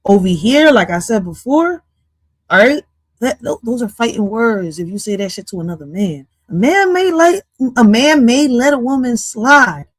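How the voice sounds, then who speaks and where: Higher-pitched woman, dry close sound; blunt, scolding reaction commentator. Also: sing-song, moderate pace, no room sound. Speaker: reaction stream host.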